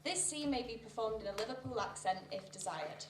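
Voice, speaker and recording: A woman's voice: a little high, lively intonation, fairly quick, slight background noise, lightly acted. A young woman acting a student who reads out stage directions in a matter-of-fact way. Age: young adult. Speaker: student actor. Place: theatre stage. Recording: echoey, distant live theatre recording.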